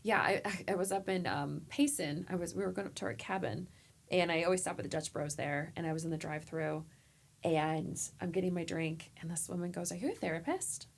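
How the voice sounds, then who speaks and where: A woman therapist telling heartfelt stories in a podcast interview, animated and acting out the people she quotes. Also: lowish voice, fairly quick, vocal fry. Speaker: therapist guest. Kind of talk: emotional conversational storytelling.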